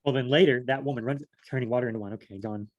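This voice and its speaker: A man's voice: mid-range voice, racing, muffled recording, slight background noise. A man leading a casual Bible study, rambling and asking himself questions as he reads. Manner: rambling, thinks aloud and asks himself questions; repeats phrases, many fillers.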